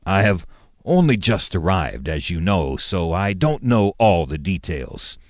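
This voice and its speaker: Man doing a cautious commodore, diplomatic, hesitant, very deep voice, dry close sound. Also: sing-song, a little slow, no room sound. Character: cautious male fleet commodore, diplomatic and restrained.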